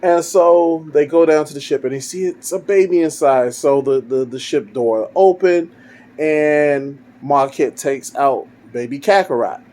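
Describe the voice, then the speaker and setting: A man's voice: fairly high pitch, a little slow, dark tone. A man casually telling his own fan story, rambling as he goes. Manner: rambling, with fillers and restarts.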